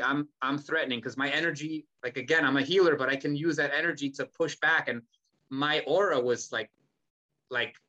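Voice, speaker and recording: A man in casual podcast conversation, talking in an animated, profane way and acting out heated exchanges. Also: mid-range voice, muffled recording. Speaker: podcast guest, holistic healer.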